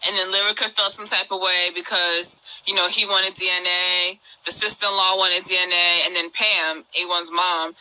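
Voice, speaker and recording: A woman co-hosting a casual reality TV chat, retelling scenes in an animated way and acting out what people said. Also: lowish voice, moderate pace, hardly any pauses, poor audio. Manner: animated storyteller, quoting people in raised voices. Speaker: podcast co-host.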